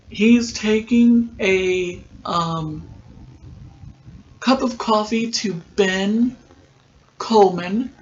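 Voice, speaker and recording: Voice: mid-range voice, lo-fi sound, a little hiss or hum. Rambling podcast host recapping an episode. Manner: rambling, many filler ums.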